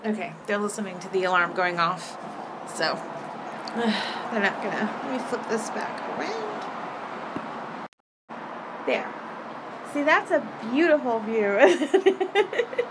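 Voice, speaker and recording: A woman's voice: a little high, lively intonation, takes it slowly, pauses often, noisy background. A woman chatting casually on a live stream from her phone at home, giggling often. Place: home apartment. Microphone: phone held up.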